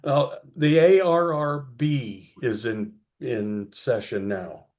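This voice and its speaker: Slow-talking man telling a long story. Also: medium pitch, fairly even intonation, a little mellow. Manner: slow, rambling storytelling with many fillers. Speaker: guest. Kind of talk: telling anecdotes in an interview.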